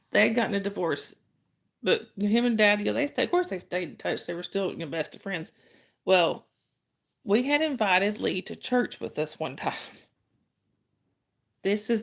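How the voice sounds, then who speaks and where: A woman's voice: medium pitch, gravelly. A woman hosting a casual livestream, telling a story and chatting with viewers, laughing often and restarting sentences. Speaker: livestream host. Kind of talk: casual live chat storytelling.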